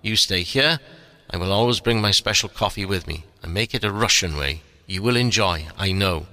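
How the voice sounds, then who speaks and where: A man's voice: low-pitched, animated, normal speed, no room sound, clean studio sound. A man doing a curt, demanding man in his fifties. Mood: insistent. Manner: curt, insistent, commanding. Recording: soft music underneath.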